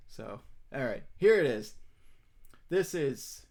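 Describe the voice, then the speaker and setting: A man streaming and chatting casually, rambling with many fillers and bursts of excitement. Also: medium pitch, takes it slowly, creaky.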